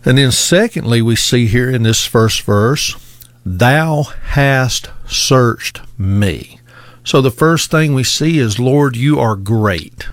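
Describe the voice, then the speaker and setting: A man's voice: medium pitch, a little slow, few pauses, dry recording. A man preaching an earnest sermon, stretching key words for emphasis and repeating his points.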